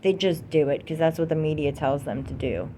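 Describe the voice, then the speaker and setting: A woman's voice: sits low, brisk, warm tone, a little hiss or hum. Angry profane woman ranting to camera. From United States. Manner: heated, profane, repetitive, emphatic. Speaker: vlogger. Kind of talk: angry political rant to camera.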